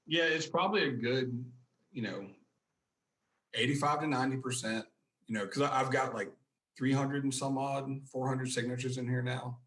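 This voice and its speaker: A man's voice: mid-range voice, steady tone, moderate pace, fairly bright tone, echoey room. A man, a podcast guest, casually telling rambling anecdotes and acting out the quotes. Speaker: podcast guest, book collector. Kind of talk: casual storytelling.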